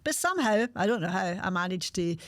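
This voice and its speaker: A woman in her sixties with a Glasgow accent, hosting a podcast and telling her own life story frankly, with halting restarts. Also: fairly low pitch, sing-song, dry recording. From Scotland. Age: 60s. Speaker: podcast host. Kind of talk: candid personal storytelling.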